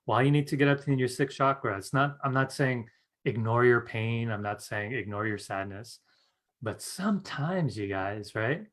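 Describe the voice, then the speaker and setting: Man, psychic teacher, live class, chatty, upbeat, mid pitch. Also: normal speed, a bit bright. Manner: chatty, fills with "you guys" and "right?"; earnest and upbeat, laughs often. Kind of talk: live-streamed teaching talk.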